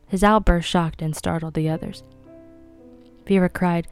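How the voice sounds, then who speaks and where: Woman narrator, fairly low and smooth, measured reading, faint music behind. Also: fairly even intonation. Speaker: audiobook reader. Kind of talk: reading a mystery novel aloud.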